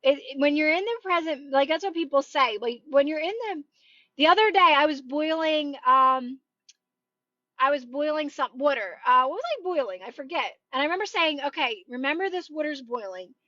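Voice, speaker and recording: A woman chatting on a livestream as a manifestation coach, speaking in a high voice with an earnest, encouraging manner and frequent repeats. The sound is dry and close, with dull lo-fi audio. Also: lively intonation, normal speed, pushed and bright, dry recording. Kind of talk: livestream chat.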